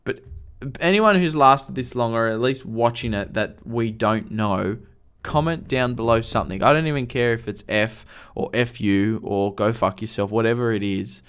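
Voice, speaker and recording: Give me a man in casual podcast chat, blunt and a little crude, at an average pitch. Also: normal speed, a bit bright, clear, resonant tone. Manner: blunt, storytelling, swears freely. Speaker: podcast co-host.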